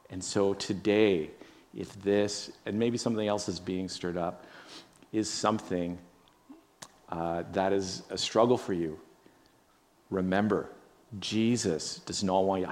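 A male pastor with a somewhat low voice preaches in an earnest tone. He leans on repetition and keeps checking in with his listeners. Later he leads them in prayer. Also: darkish tone. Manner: earnest, repetitive emphasis, frequent "right?". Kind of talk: sermon and closing prayer.

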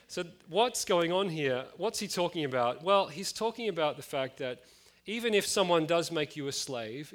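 Late-thirties male preacher, relaxed conversational delivery, pitched a bit high. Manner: casual, chatty, with frequent fillers and asides. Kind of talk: conversational sermon.

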